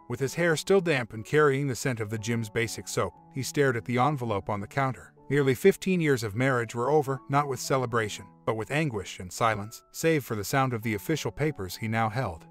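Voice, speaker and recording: A man narrating a relationship story in an even, measured storytelling voice. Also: medium pitch. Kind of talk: scripted narration of relationship stories.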